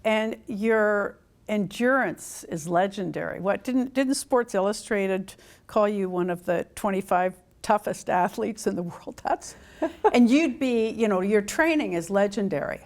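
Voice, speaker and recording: Woman host asking playful teasing questions, mid-pitched voice. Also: lively intonation, unhurried, darkish tone. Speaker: interview host. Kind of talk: conversational interview.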